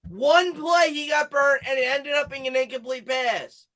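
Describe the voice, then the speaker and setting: A man on a casual sports podcast with a high-pitched voice. He argues back emphatically and talks in a loose, conversational way. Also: steady tone, normal speed, bright, forceful tone, poor audio. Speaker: podcast co-host.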